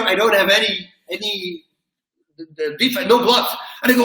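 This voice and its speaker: A man with a fairly high, bright voice spins a wild personal anecdote with lively energy, chuckling between lines. He sounds set back from the mic in a roomy, echoing space. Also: normal speed. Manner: lively, laughs at his own story, acts out quotes. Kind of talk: animated storytelling. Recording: roomy, from a distance.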